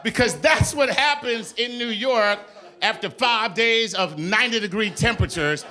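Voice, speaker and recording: A man doing a stand-up comedy set on stage, telling a story in an animated, profane, exasperated way. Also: sits high, normal speed. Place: on stage before a live audience.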